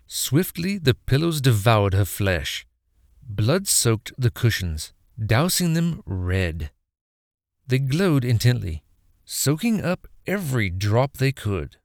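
A man telling a horror story as a narrator, in an expressive, dramatic reading. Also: mid-range voice, slow, vocal fry, no room sound, studio quality.

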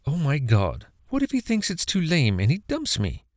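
A man's voice: on the high side, huge pitch swings, moderate pace, no room sound, clean studio sound, voice pushed up. A man reading aloud voices a nervous, grumbling teenage girl of almost nineteen, raising his voice for her lines. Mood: anxious.

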